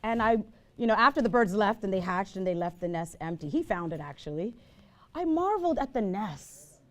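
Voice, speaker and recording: A woman's voice: mid-range voice, expressive, brisk. A woman teaching the Bible to a live group. She tells digressive stories and puts questions to her listeners. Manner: chatty, digressive storytelling, asks the audience questions.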